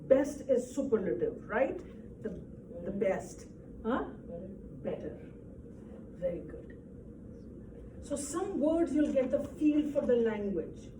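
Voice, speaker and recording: A woman teaching a grammar lesson speaks slowly in a fairly high, mellow voice. She explains patiently and keeps checking that the class follows. She is recorded from across an echoey classroom, with faint background noise. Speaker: English teacher. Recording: echoey room, distant mic, faint noise.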